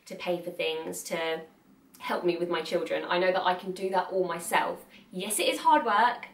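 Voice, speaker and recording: A woman's voice: lowish voice, fairly bright tone, recorded from a distance. A young woman talking candidly to camera in a chatty, earnest way, laughing often. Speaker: vlogger. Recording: echoey room, mic set back.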